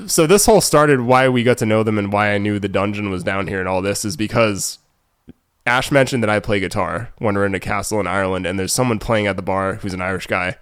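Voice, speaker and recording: Rambling low-voiced New England man. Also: fast talker, fairly bright tone, clear, resonant tone, no echo, studio quality. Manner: rambling storyteller, many fillers and restarts. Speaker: podcast co-host. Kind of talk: casual chat.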